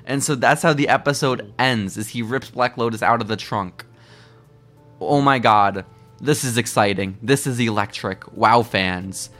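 A man co-hosting a podcast in casual chat, recapping with excitable, animated storytelling. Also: mid-range voice, unhurried, soft background music. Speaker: podcast co-host.

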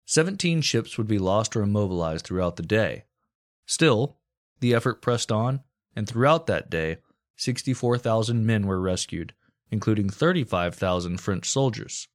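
Male podcast co-host, lowish voice, casual profane history narrator. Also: expressive, normal speed. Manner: storytelling with crude jokes and profanity.

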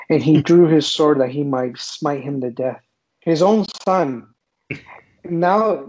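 A man's voice: medium pitch, darkish tone, rough recording. A man in a casual religious discussion, retelling scripture passages and acting out the quotes with frequent restarts. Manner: paraphrases scripture with acted-out quotes, halting restarts. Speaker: podcast co-host discussing scripture.

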